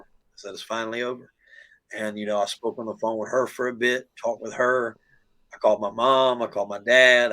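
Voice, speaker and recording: A man's voice: medium pitch, sharp tone. A man with a Southern US accent, telling his own story as a podcast guest in a plain-spoken, folksy way, emotional as he talks. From USA. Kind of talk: casual storytelling.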